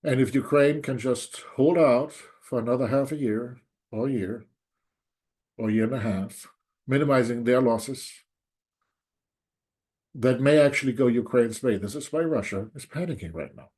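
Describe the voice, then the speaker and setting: A man's voice: medium pitch, moderate pace, long pauses, darkish tone. A man delivering an angry, emphatic solo commentary, openly sarcastic and hammering his points home. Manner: repeats "there's no doubt" for emphasis. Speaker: political commentator. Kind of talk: solo opinion monologue.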